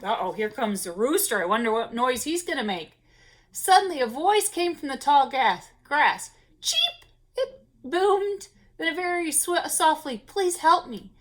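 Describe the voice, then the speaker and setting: A woman reading a children's picture book aloud at story time, expressive, with gasps and little asides to the children. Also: sits high, moderate pace.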